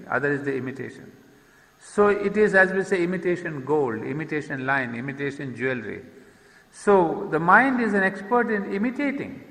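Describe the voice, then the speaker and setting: Guy teaching poetry, bright forceful voice, stops and restarts a lot. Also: sits high. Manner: reads verse lines slowly, then explains with hesitant restarts. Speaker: lecturer on poetry and yoga. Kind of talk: explanatory lecture. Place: lecture hall. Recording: long reverb of a hall.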